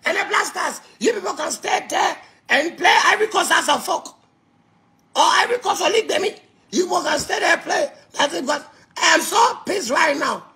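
A man with a Ghanaian accent ranting angrily, shouting and mocking with laughs between jabs. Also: very high voice, lively intonation, moderate pace, vocal fry. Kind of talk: angry ranting monologue.

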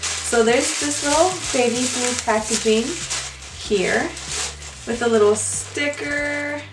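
A young woman chatting casually to her viewers as she unboxes beauty products, gushing and excitable. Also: on the high side, takes it slowly, heavy background noise. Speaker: beauty vlogger. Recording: echoey room, mic far off, music behind.

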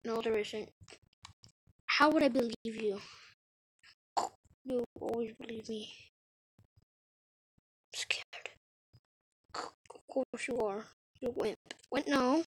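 A woman's voice: on the high side, slow pace, pauses often, breathy edge, dry recording, low-quality recording. A woman giving casual gameplay commentary for her video channel, playful and teasing. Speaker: YouTube gamer.

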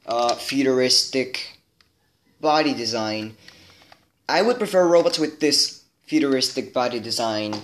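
A man's voice: mid-range voice, fairly bright tone. A man making a casual video, chatting straight to his viewers as he shows off toy robots in a rambling way. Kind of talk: casual show-and-tell to camera.

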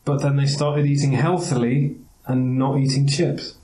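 A man's voice: mid-range voice, fairly even intonation, moderate pace, mellow, echoey room, rough recording. A man hosting a podcast panel who jokes around and cuts in on the others. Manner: joking, cuts in. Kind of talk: casual chat.

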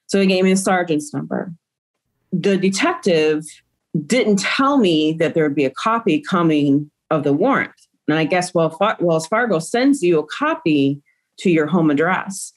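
A woman's voice: lowish voice, expressive, a little slow. A middle-aged woman, a grieving mother, recounting events in an interview with emotion and acting out quoted dialogue.

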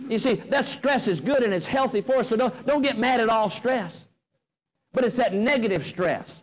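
A middle-aged man with a drawl spins a comic tale from the stage, his voice pitched unusually high. He talks in a folksy, animated way and lands each punchline with easy timing. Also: normal speed, low-quality recording. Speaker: motivational speaker. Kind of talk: humorous storytelling speech. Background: audience laughter.

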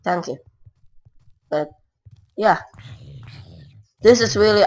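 Heard through a rough recording, a woman with a lowish, fairly bright voice keeps her intonation fairly even and her pace measured. As a gamer, she rambles casually over her play in broken non-native English, using lots of filler words.

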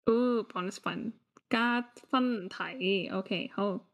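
Her medium-pitched voice sounds dull and moves slowly as she runs a live online quiz lesson, joking with and teasing the players. She switches between English and Cantonese with a Cantonese accent, and music plays underneath.

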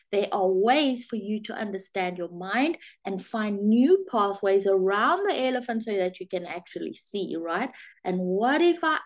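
A middle-aged woman life coach talking straight to her viewers, animated and acting out her own thoughts in quotes. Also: on the high side. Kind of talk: direct-to-camera coaching talk.

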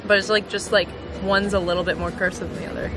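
A woman's voice: medium pitch, flat delivery, fast talker, background noise. A young woman chatting in a casual vlog, bubbly and giggly, talking to a handheld camera. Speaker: vlogger. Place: car and outdoors by the beach.

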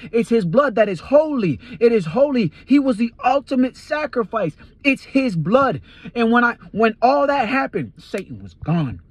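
A man with a notably high-pitched voice tells his story as a fervent personal testimony. He is earnest and hammers points home by repeating himself. The recording is dry and close. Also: slightly rough, no echo. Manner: tells events as a dream story. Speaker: Christian testifier.

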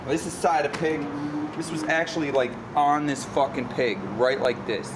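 A young man runs a crude, swear-laden cooking demo in a brash, instructional rant. His voice sits a little high. It is an echoey home-video recording with clear noise behind him. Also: normal speed. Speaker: cooking show host. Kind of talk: profane comedic cooking demo. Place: kitchen and backyard grill.

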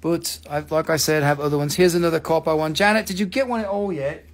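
Rambling, swearing live-sale host. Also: male voice, on the high side, quick pace. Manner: rambling, joking, swears freely, talks to viewers by name. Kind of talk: casual live sales pitch.

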